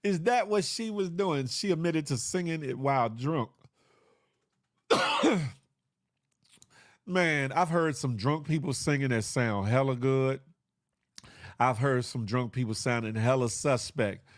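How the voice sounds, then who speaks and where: A man's voice: mid-range voice, unhurried, pauses often, no echo, studio quality. A man hosting a live online show, chatting casually with viewers in a loose, joking way, full of slang and sound effects. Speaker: livestream show host.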